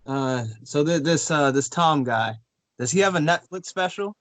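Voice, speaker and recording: A man with a high voice cracks crude, aggressive jokes on a podcast. His sound is dry and close to the mic. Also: animated, normal speed, no room sound. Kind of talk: casual podcast chat.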